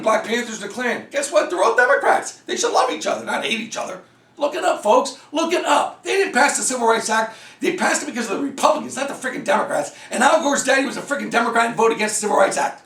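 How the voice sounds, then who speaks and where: Fired-up man ranting, lively high voice. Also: echoey room, far from the mic. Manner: heated, fast ranting, swings pitch wildly. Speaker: political commentator. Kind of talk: ranting political monologue.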